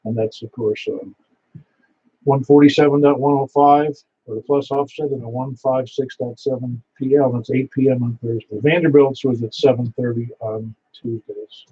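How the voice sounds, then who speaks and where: A man's voice: medium pitch, fairly even intonation, moderate pace, mellow, husky. A man acting as net control for an amateur radio net, reading out announcements in a rambling, folksy way and repeating details to confirm them. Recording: slightly dull sound with faint hiss.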